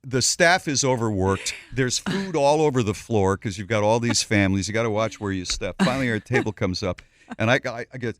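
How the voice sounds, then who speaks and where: A middle-aged man hosting a radio talk show, telling a story in an animated way and acting out the voices of the people in it. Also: on the low side, a little fast, no echo. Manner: animated, acts out voices in anecdotes.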